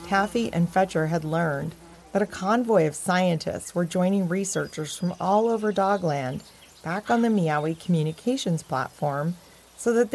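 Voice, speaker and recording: A woman narrating a children's story in a gentle, expressive way. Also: lowish voice, creaky.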